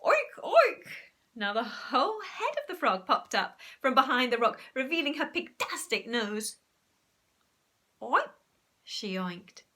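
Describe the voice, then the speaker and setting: Animated woman reading a story. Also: on the high side, moderate pace, few pauses. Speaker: teacher. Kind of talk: storybook read-aloud.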